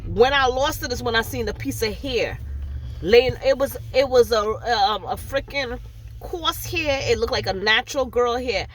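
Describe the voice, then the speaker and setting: A woman's voice: fairly high pitch, normal speed. A woman in her thirties from Brooklyn with a New York accent, chatting bluntly and animatedly in street slang, in a car. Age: 30s. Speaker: vlogger. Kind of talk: casual chat.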